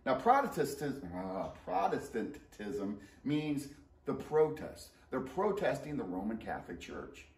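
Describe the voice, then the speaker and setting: Lively, joking male history teacher. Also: mid-range voice, unhurried, vocal fry. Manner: animated and joking, playful asides. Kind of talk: casual co-taught history lesson. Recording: roomy sound, mic at a distance.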